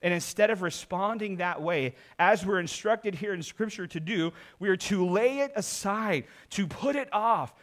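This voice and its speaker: A man's voice: sits high, normal speed, hardly any pauses. Earnest man preaching a sermon. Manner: earnest preaching, swells louder for emphasis. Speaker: pastor.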